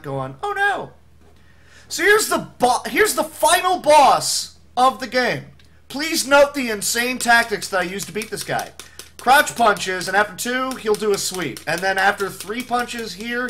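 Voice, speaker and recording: A man's voice: on the high side, bright, forceful tone. A man speedrunning a game live, rambling through his commentary with self-mocking jokes.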